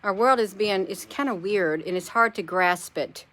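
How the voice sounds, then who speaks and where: Woman, casual live-stream host; rambling and chatty, bright tone. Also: mid-range voice, normal speed. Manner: rambling, chatty, addresses viewers as "you all".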